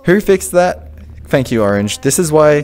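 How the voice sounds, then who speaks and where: Australian man, gaming host, teasing jokey banter, animated swings in pitch, headset mic. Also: moderate pace. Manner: joking, teasing, laughs often. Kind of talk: casual game banter.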